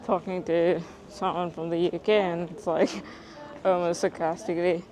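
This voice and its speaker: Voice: medium pitch, level tone, moderate pace, a little mellow, low-quality recording. A vlogger chatting casually on a walking livestream, laughing often and reading chat aloud from a handheld phone outdoors. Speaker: live-streaming vlogger. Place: outdoors on city streets.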